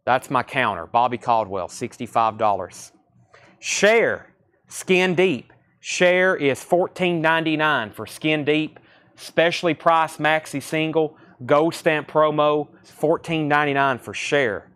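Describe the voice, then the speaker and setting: A man with a Southern accent hosting a live record sale, listing titles and repeating prices in quick sales patter. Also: mid-range voice, a bit bright, clean tone. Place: record shop surrounded by crates.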